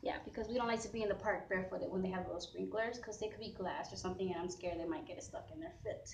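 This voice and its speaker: Walking through a park and heading home, a woman films her family vlog, laughing and chatting with her kids as she narrates. Her medium-pitched voice is animated, quick, gravelly and darkish, recorded on a noisy outdoor camera with outdoor ambience.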